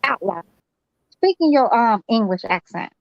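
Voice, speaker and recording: A woman's voice: fairly high pitch, sing-song, measured pace, gravelly, no room sound, lo-fi sound. A woman co-hosting a live boxing stream, blunt and slangy, swearing freely. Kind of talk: casual live commentary chat.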